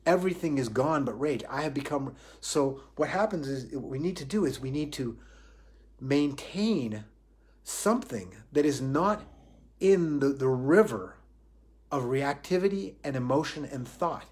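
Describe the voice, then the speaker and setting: Guy doing a spiritual livestream talk, thoughtful, restarts a lot, mid pitch. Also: lively intonation, measured pace, a little mellow. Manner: reflective, repeats and restarts phrases, asks himself questions. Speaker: spiritual teacher. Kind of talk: Facebook Live spiritual talk.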